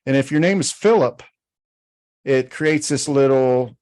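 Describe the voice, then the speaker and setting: A man's voice: medium pitch, a little slow, darkish tone. A man hosting a casual podcast chat, easygoing and rambling as he tells a story. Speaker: podcast host.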